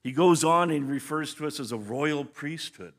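A man's voice: fairly high pitch, moderate pace, fairly bright tone. A man teaching scripture as a pastor in a conversational, explanatory way, often restarting his phrases. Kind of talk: sermon teaching.

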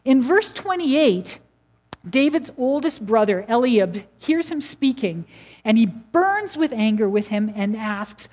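A middle-aged woman gives a sermon in a chatty, storytelling manner, with a fairly high voice. She acts out the lines of people in the story, and her voice jumps up for them before it settles back into easy explaining. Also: unhurried. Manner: conversational storytelling, acting out quotes with animated pitch jumps. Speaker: preacher.

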